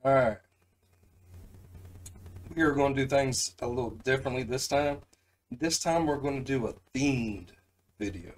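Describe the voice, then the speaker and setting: A man's voice: medium pitch, a little slow, pauses often, poor audio. A man hosting a reaction video, chatting casually and joking with lots of fillers.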